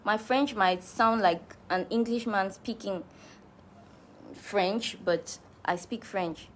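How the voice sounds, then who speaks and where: A woman's voice: medium pitch, slow pace, a little hiss or hum. A woman with a Cameroonian accent, a musician chatting casually through fan questions, laughing easily and restarting her sentences. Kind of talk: casual live Q&A chat.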